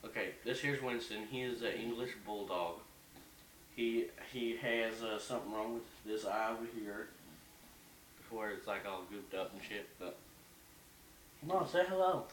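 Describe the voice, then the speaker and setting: Heated and swearing, a young man rambles through a rant for his casual home vlog, filmed in his bedroom. His voice is fairly low, steady, moderately paced and a bit bright. The room echoes, the mic sits at a distance, and there's faint hiss.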